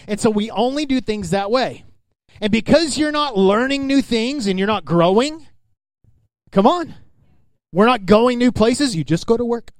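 A man's voice: sits high, no echo. A man pastor preaching a sermon in a conversational way, calling out to the congregation.

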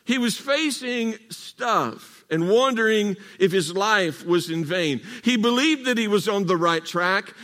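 A high-pitched man preaching in a church sanctuary. He leads his congregation in call-and-response, slowing down and stretching out the words he wants to land. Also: a bit bright. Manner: call-and-response preaching, drawn-out emphatic phrases. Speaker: pastor. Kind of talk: sermon.

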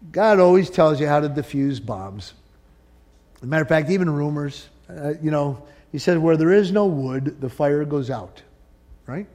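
This is a male pastor delivering a sermon in a fairly high voice for a man. He builds to loud, emphatic peaks and then drops to quiet, confiding asides. The delivery feels conversational and rooted in a congregation. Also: animated, moderate pace. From northern United States.

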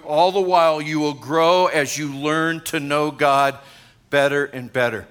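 A man preaching a lively sermon as pastor, excitable and joking with the congregation. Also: a little high, a little slow, clear, resonant tone. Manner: energetic, excitable, jokes with congregation.

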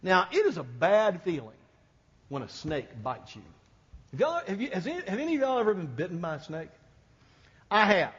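A man's voice: sits high, huge pitch swings, normal speed, long pauses, a bit bright, slightly rough. A male pastor preaching a sermon, telling a folksy story and joking with the congregation. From American South. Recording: long hall reverb, dull sound.

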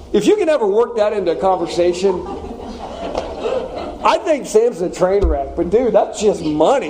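A man's voice: a little high, poor audio. A man preaching in a casual, joking way, acting out the story's lines as he teaches. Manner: animated, joking, acts out quotes. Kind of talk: conversational sermon.

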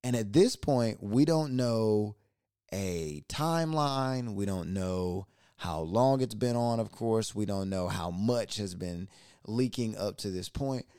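A man hosts a podcast and tells a personal story in a low, smooth, clear voice. The sound is dry and close. He retells it with energy and repeats words when he gets excited. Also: slow, no room sound. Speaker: podcast host.

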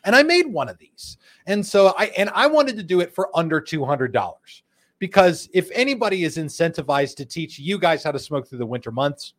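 A man with a somewhat high-pitched voice hosts a relaxed live chat show. He talks casually, cracks jokes and reads out viewer comments with an easy, friendly delivery. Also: brisk. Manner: chatty, jokey, reads viewer comments aloud. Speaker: host. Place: studio in Phoenix.

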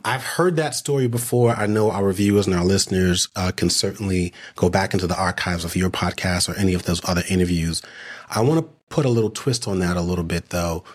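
A man co-hosting a podcast, asking long, rambling questions with lots of fillers and a playful edge. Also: low voice. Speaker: podcast co-host. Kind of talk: casual podcast interviewing.

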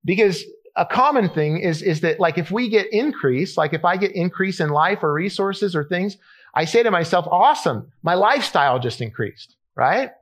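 A male pastor gives a relaxed, storytelling sermon. His voice sits slightly above the usual male range, and he talks in a loose, conversational way, full of fillers and restarts. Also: sits high, moderate pace.

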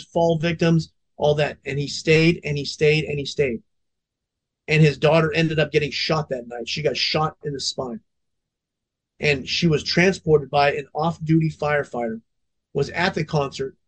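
A man in his forties, a veteran fire officer, telling a story on a podcast in an intense, profanity-laced way. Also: a little high.

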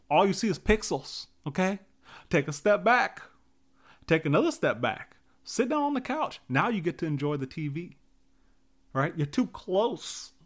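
A man giving a casual motivational talk, emphatic and repetitive, with many fillers. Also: high-pitched.

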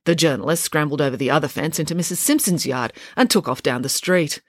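A woman reading her own children's story aloud, with a playful, wry and expressive delivery. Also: low-pitched, fast, no room sound, studio quality.

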